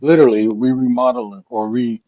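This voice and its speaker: A man's voice: medium pitch, fairly even intonation, a little fast, highs cut off. A man on a live sports stream, telling laid-back, profane stories in casual chat.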